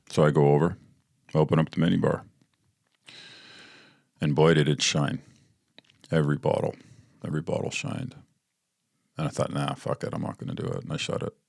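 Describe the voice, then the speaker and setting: A man with a very low voice recounts his past openly, swearing freely and circling back with ums and uhs. The sound is dry and close, with no room echo. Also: vocal fry. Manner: candid, profane, rambling with fillers. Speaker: podcast host. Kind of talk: storytelling monologue.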